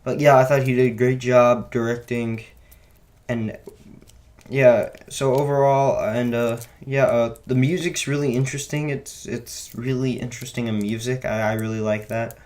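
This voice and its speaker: A man's voice: mid-range voice, fairly even intonation, normal speed, darkish tone. A young man giving a casual, unscripted film review, rambling with many restarts and self-corrections. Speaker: movie reviewer.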